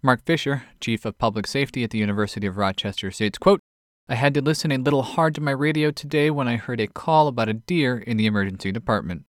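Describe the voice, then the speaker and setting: A man hosting an odd news podcast, reading short stories from a script and reading quotes aloud in a measured way. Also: medium pitch, dry recording, clean studio sound. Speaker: podcast host.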